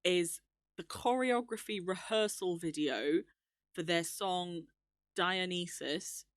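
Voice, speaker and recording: Young woman, podcast co-host, eager chatter, low-ish pitch, dry mic. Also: animated, takes it slowly, dry recording. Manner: enthusiastic, chatty, laughs often. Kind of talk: casual chat.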